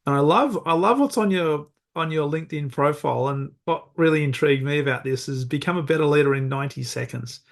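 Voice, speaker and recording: A man's voice: fairly high pitch, fairly quick, creaky, hardly any pauses. A man with an Australian accent hosting a podcast interview, upbeat and welcoming, often restarting his sentences. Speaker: podcast host.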